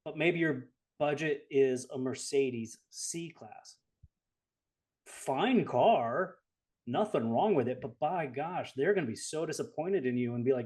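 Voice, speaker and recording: A man from Southern California co-hosting a webinar, explaining things through drawn-out analogies. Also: mid-range voice, a little mellow. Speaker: co-host. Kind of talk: webinar talk.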